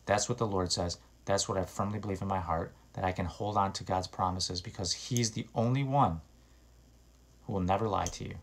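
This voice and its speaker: A man with a fairly low voice delivering an informal sermon straight to his listeners. He talks earnestly and urgently, pushing hard on key words in emphatic bursts. His delivery is exhortative rather than polished. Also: slight background noise. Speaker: preacher.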